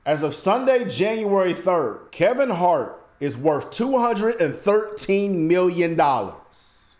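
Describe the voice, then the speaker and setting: A man's voice: sits high, slow pace. Hyped male commentator, roomy echo. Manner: hyped, expressive. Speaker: video host. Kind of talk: casual commentary. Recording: roomy echo with faint music.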